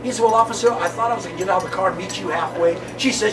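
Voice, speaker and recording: A man doing stand-up comedy at a lunch event, telling folksy jokes loudly with punchlines. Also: high voice, rapid-fire, hardly any pauses. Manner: loud, folksy, punchline-driven. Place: banquet room during a lunch. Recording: distant mic with loud room noise and clinking dishes.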